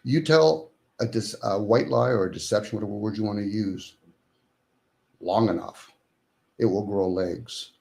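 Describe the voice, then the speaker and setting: Rhetorical man with a lowish voice. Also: normal speed, creaky, a little mellow. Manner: rhetorical, questioning, acts out quoted voices. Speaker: guest. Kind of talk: casual conversation.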